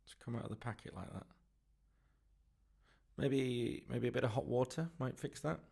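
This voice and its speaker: Gravelly man chatting while he paints. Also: mid-range voice, moderate pace, a little mellow. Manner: rambling, self-mocking, chatty. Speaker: livestream sketching host. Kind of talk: casual live commentary while painting.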